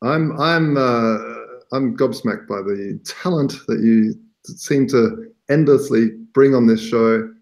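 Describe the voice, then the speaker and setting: A man's voice: medium pitch, slow, a little mellow. A man with an Australian accent, a guest on a chat show, dry and laid-back. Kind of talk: casual chat.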